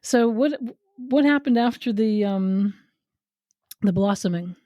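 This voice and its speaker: A woman podcast host speaking in a calm, reflective conversational way. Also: mid-range voice, slow pace, no room sound, clean studio sound.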